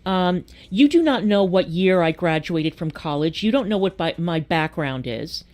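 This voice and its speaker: A woman's voice: lowish voice, expressive, moderate pace, darkish tone. A woman in a played clip, ranting indignantly and insisting others have her story wrong. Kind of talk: heated online rant.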